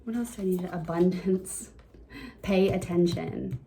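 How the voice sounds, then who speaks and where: A woman giving a casual, encouraging card reading to her viewers, chatty and quick to laugh. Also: lowish voice, gravelly, noisy background. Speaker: tarot reader.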